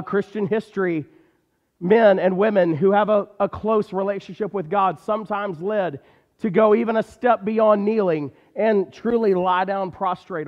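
A man delivers a sermon with an emphatic, repeating cadence. His voice sits a little high for a man. The long hall reverb and the dull, muffled sound make it feel like a church recording. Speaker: preacher.

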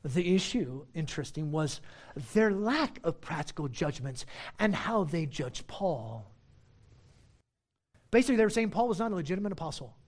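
A preacher giving a sermon, teaching in an emphatic, conversational way with frequent asides and a sarcastic edge. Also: mid-range voice.

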